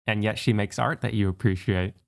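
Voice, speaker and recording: A man co-hosting a podcast, speaking in a calm, measured and gracious way. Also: fairly low pitch, vocal fry. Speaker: podcast co-host. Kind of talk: casual film discussion.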